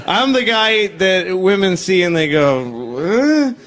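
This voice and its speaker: A man's voice: high-pitched, animated, slow, fairly bright tone. A man in his forties performing a stand-up comedy set, blunt, crude and self-deprecating, telling stories to a live audience. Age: 40s. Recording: live stage recording with crowd laughter.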